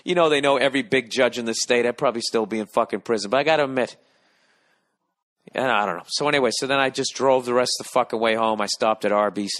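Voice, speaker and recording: A middle-aged American man hosting a podcast, telling a profane, animated comic story and acting out the people in it. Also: medium pitch, fast talker. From United States. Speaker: podcast host. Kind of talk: casual comedic monologue.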